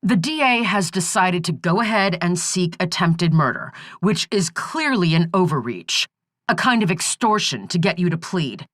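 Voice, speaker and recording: A woman doing a calm, soothing male lawyer. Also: on the low side, no echo, clean studio sound. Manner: soothing, measured. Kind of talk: audiobook character voice.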